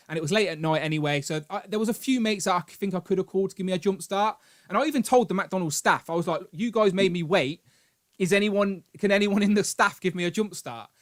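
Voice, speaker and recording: A British man hosting a live stream, telling a long story in an animated, rambling way with grumbling asides. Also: sits high. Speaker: host. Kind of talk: casual live-stream chat.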